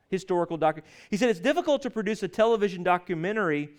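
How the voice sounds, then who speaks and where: A man preaching a sermon, stressing scripture lines slowly and leading the congregation to repeat after him. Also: high-pitched, a bit bright, clean tone. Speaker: pastor.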